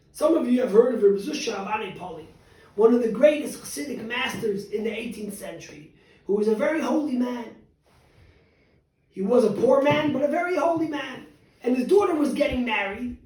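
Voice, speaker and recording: A man giving a sermon as a rabbi, telling a story with animated emphasis, drawing out key words and dropping to soft asides. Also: extremely high pitch. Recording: very echoey, distant mic.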